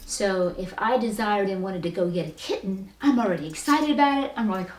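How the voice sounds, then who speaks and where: A woman giving a spiritual self-help talk in a lively, animated way, often acting out quoted voices. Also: fairly high pitch, moderate pace, a little hiss or hum. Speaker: spiritual coach. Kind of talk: motivational talk. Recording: roomy echo, distant from the mic.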